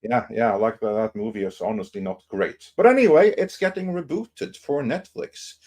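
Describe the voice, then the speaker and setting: A man co-hosting a casual podcast panel, presenting news in a relaxed, rambling way full of fillers. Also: mid-range voice, moderate pace.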